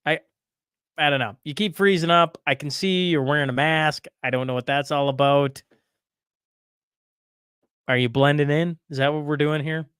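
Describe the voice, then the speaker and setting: A man's voice: on the high side, moderate pace, pauses often, a bit bright, smooth, no echo, studio quality. A man hosting a casual livestream, rambling as he reads the chat and tries to bring in guests. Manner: rambling, talks to chat and guests, frequent restarts. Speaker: livestream host.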